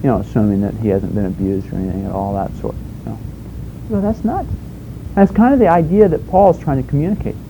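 A man's voice: on the low side, quick pace, vocal fry, background noise. A man preaching a sermon in a conversational way, asking rhetorical questions and telling homespun stories.

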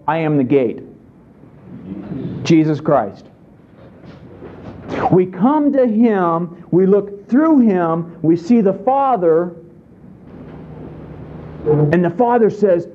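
Guy preaching slow, kinda high voice, chatty, asks the room questions. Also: lo-fi sound, a little hiss or hum. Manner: conversational, asks the congregation questions. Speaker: pastor. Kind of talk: sermon.

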